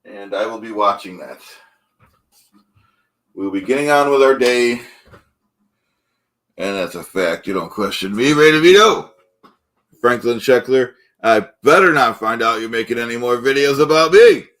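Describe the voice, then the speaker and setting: A man doing a self-important, thin-skinned guy cooking ham and eggs for a live stream, in a somewhat low voice. He rambles from topic to topic and keeps indignantly repeating that nobody should question him, all in an improvised comedy bit. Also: slow, pauses often, fairly bright tone. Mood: blustering. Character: pompous, touchy middle-aged man cooking eggs live. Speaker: livestream host in character.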